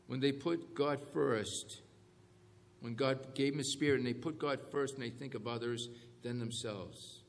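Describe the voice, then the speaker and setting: A man's voice: medium pitch, measured pace, vocal fry. A man preaching a sermon, calling for amens and checking that the congregation follows along. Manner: call-and-response, animated emphasis on key phrases. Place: church hall. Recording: echoey hall with faint ambience.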